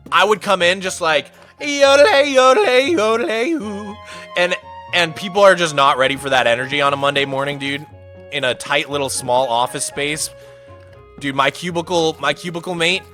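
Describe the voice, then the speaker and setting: A male streamer chats casually with his viewers in a slightly high voice, rambling animatedly through stories and dropping "dude" and "man" a lot.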